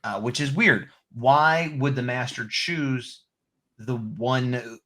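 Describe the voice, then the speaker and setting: A man's voice: mid-range voice, slow pace. A man co-hosting a podcast, chatting casually as he reviews a show and acting out little snippets of its dialogue. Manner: chatty, animated, acts out short quotes. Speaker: podcast co-host.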